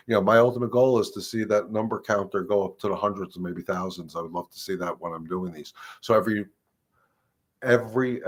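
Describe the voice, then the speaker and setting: Chatty man, somewhat low voice. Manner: chatty, rambling, with fillers and restarts. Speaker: dog trainer hosting a live Q&A. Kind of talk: casual live-stream Q&A. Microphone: live stream microphone.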